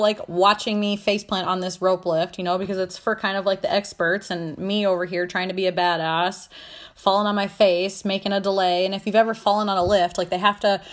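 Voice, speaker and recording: A woman hosting a podcast, telling a personal story in a casual, animated way, swearing freely and laughing often. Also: mid-range voice, a little fast. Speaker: podcast host.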